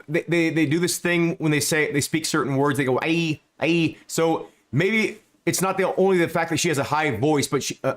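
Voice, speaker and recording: A man giving casual, rambling commentary over gameplay, often stammering and repeating words, and swearing now and then. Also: a little high. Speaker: gaming YouTuber.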